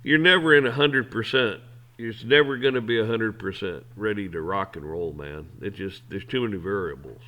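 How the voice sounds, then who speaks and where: A man's voice: lowish voice, moderate pace, bright, forceful tone. A man hosting an opinion show, ranting in a blunt, heated, profane way. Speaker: host. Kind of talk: opinion rant.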